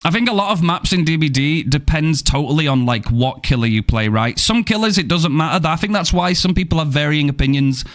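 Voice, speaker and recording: A man's voice: on the high side, expressive, a little fast, few pauses. A young British man streaming a horror game, chatting playfully with viewers and swearing freely. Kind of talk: casual live-stream chat with viewers.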